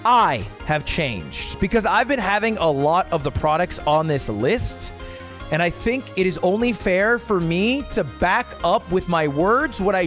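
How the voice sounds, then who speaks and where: A man streaming casual commentary in a slightly high voice that swings up and down a lot. He jokes, swears freely and stays animated, with faint music playing underneath. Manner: animated, joking, profane. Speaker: streamer ranking products.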